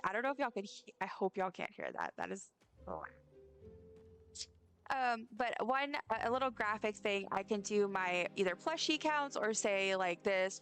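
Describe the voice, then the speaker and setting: A young woman streams a game and chats casually with her viewers while playing, rambling in a friendly way and talking straight to her chat. Her voice is mid-range and a bit bright.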